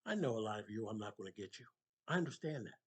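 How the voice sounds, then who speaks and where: A man's voice: fairly low pitch, very animated, quick pace, slightly rough. An older man giving an impassioned motivational monologue, emphatic and preacherly, rising to passionate peaks. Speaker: motivational speaker.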